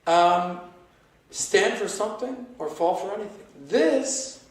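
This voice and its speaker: A man telling stories as a podcast guest, animated and acting out the dialogue he recalls. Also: sits high, slow pace, recorded from a distance. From United States. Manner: animated storyteller who acts out quoted dialogue. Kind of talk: storytelling in a conversational interview. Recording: very echoey room, voice away from the mic.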